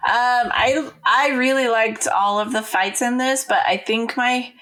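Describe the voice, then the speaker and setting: Laid back woman on a podcast, bright voice, quotes movie lines as she goes. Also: on the high side, a little slow. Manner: easygoing, retells scenes with quoted lines. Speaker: podcast co-host. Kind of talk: casual chat.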